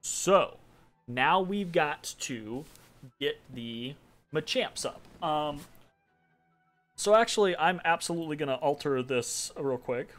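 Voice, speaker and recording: A male game streamer talks through his turn in a casual, rambling way, pausing on filler words as he thinks aloud. His voice sits a little high for a man. Soft background music plays under him. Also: expressive. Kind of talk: casual let's-play commentary.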